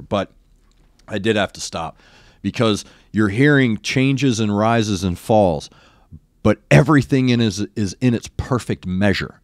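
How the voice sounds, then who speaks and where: Brief: older male reaction-video host, former rock radio DJ, low-ish voice, close dry sound, gushing and earnest with stop-start phrasing. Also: dry recording. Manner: effusive and earnest, halting with repeated restarts. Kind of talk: reacting to a live concert video.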